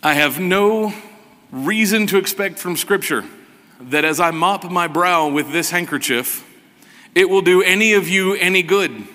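A man preaching a sermon as pastor, slow and emphatic with a sarcastic edge. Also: high voice, bright, forceful tone, big-room sound.

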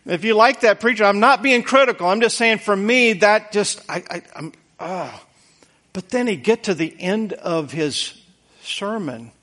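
A man's voice: sits high, animated, a little slow, bright, forceful tone. A man preaching a conversational sermon in an earnest, folksy way, repeating words for emphasis.

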